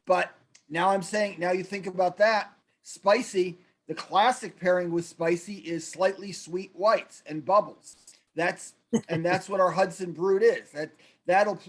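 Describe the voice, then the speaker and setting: A man hosting a casual wine talk on a video call, explaining pairings with frequent restarts. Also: sits high. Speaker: wine presenter.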